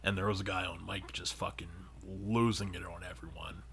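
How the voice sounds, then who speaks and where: A man co-hosting a podcast, casually telling a long, profane gaming story that grows animated as he retells it. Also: low-pitched, fairly quick, vocal fry, a little hiss or hum. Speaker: podcast co-host. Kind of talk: casual chat.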